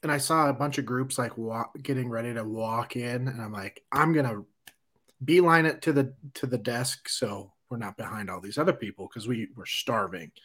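Male podcast guest, middle-pitched, easygoing, agreeable storyteller in casual talk. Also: normal speed, a bit bright. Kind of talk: casual chat.

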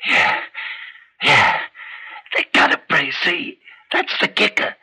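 An actor playing a scheming, bullying old gangster boss who is bedridden and weak, talking in rough street slang in a 1960s radio drama. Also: male voice, on the high side, sing-song, takes it slowly, bright, forceful tone, heavily acted, poor audio.

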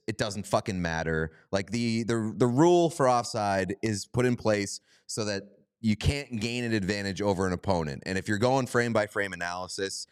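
A man's voice: fairly low pitch, clean tone. A man co-hosting a sports podcast in casual chat, laughing easily and giving strong opinions. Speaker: podcast co-host.

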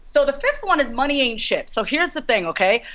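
Brief: woman guest coach, quick and frank, slightly high voice, chatty and direct. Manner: fast, candid, animated, addresses the host by name. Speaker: guest speaker, business coach. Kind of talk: casual advice chat.

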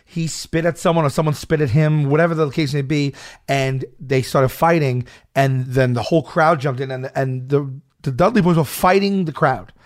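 A man telling a story in casual chat, animated and laughing often, acting out shouted quotes. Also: on the high side, moderate pace.

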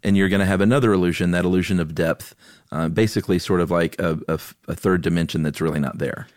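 A man's voice: low-pitched, fairly even intonation, quick pace, dry recording, clean studio sound. A man co-hosting a podcast, chatting in a laid-back, folksy way while explaining ideas. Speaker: podcast co-host. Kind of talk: casual explanatory chat.

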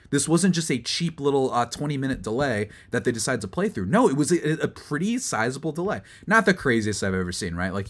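A young man hosting a solo sports recap, rambling and exasperated, building to loud outbursts. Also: medium pitch. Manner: rambling with fillers and restarts. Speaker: sports podcast host.

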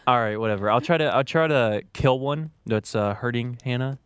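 A man playing a tabletop game, low-key and mumbling, casually swearing. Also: normal speed, fairly bright tone, clear, resonant tone, no echo, clean studio sound. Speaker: player.

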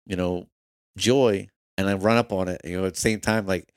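Deep-voiced man telling a story. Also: normal speed, smooth, no room sound, clean studio sound. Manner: earnest, animated storyteller acting out his own thoughts. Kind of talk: casual storytelling.

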